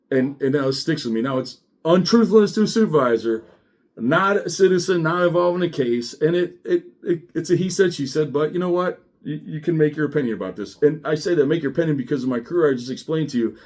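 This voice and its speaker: Middle-aged man, former deputy, casual monologue, blunt and profane, animated, mid-pitched voice.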